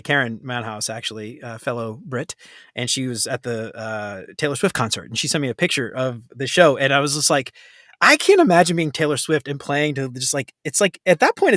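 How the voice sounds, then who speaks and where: Animated man hosting a live chat. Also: mid-range voice, no echo, studio quality. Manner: joking, animated, laughs often. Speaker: host.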